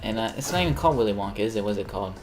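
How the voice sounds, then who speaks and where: A man's voice: fairly low pitch, expressive, rapid-fire, music in the background. Rambling, profane young man streaming. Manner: rambling, profane, self-mocking. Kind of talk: casual live-stream chat while gaming.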